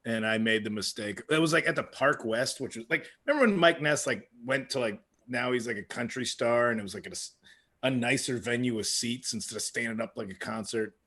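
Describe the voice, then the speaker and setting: A man's voice: medium pitch, fairly quick, pushed and bright. A man co-hosting a casual comedy podcast, telling rambling stories and laughing through them. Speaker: podcast co-host.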